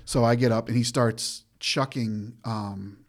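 A man's voice: mid-range voice, unhurried. A man, a guest telling stories from his days as a corrections officer in casual chat, acting out the quotes as he goes. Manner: animated storyteller, acts out quotes. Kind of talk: casual storytelling.

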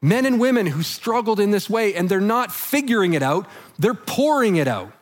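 Male pastor, higher voice, earnest conversational sermon, softens on heavy lines. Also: sing-song, normal speed. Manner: drops soft and low on heavy lines.

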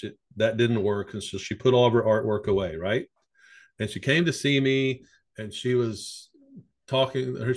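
A middle-aged man, a psychotherapist, telling long anecdotes in a casual conversation. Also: fairly low pitch. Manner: rambling storyteller, lively anecdotes. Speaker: psychotherapist guest.

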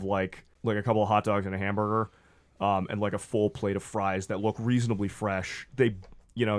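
A man's voice: lowish voice, a little mellow. A man narrating a tabletop game as game master, rambling with lots of fillers.

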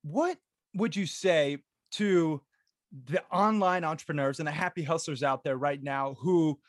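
A man's voice: a little high, no echo, studio quality. A man hosting an interview podcast, enthusiastic and encouraging toward his guest. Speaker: podcast host.

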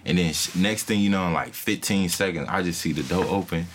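A man with a low-pitched voice tells a story on a casual podcast. His telling is profane and animated, full of acted-out quotes, with a faint noise under the recording. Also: a little fast. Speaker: podcast co-host.

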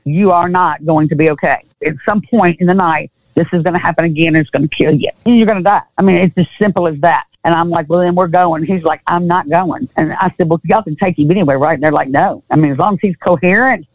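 A woman's voice: on the low side, fast talker, few pauses, no echo, highs cut off. A woman with a Southern US accent, an interview guest telling a personal story in earnest, acting out what people said and often repeating herself.

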